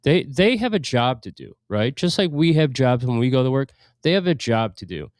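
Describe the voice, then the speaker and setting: A man's voice: mid-range voice, sing-song, moderate pace, dry recording, studio quality. A man co-hosting a radio show in casual chat, blunt and opinionated, laughing now and then as he talks. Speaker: radio co-host.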